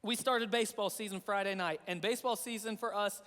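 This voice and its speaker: A man's voice: high voice, steady tone, fairly quick, fairly bright tone, clear, resonant tone, in a large hall. A man preaching a sermon as a pastor, earnest and repetitive in a conversational way. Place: church sanctuary.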